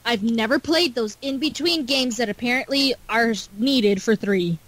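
A woman guest speaks bluntly in casual podcast chat, swearing freely as she goes. Her voice sits a little higher than usual. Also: normal speed, a bit bright, rough recording.

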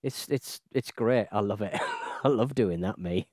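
An English man co-hosts a casual podcast and talks in halting bursts, stumbling over fillers and breaking into giggles. He sits close to a dry mic with no room sound around him. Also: on the low side, a little mellow, no echo. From England. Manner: hesitant, filler-heavy, giggly. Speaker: podcast co-host. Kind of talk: casual chat.

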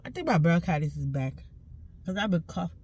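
A woman's voice: lowish voice, sing-song, brisk, a little mellow. A woman ranting to camera from inside a car, emphatic and full of curse words, preaching between complaints. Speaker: social media creator.

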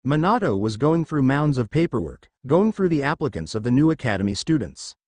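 A man narrating a fan fiction story in a steady reading voice. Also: medium pitch, fairly quick, no room sound.

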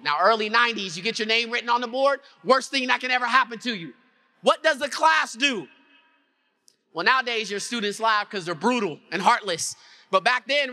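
A man delivers a motivational keynote at a conference with a very high, bright, forceful voice. He tells his story with animation, acting out scenes and throwing questions back at the audience. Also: lively intonation, brisk. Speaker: keynote speaker. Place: conference hall before an audience.

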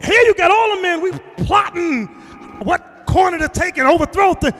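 The voice is extremely high, animated, pushed and bright, at a moderate pace: a bishop preaching a lesson to a class, emphatic, confrontational, often raising his voice. Long hall reverb from the large reverberant room and slight background noise are present.

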